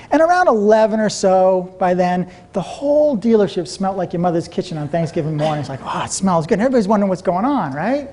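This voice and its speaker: A man giving a motivational seminar talk to a live audience, telling stories in an animated way and laughing often. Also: high voice. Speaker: seminar speaker.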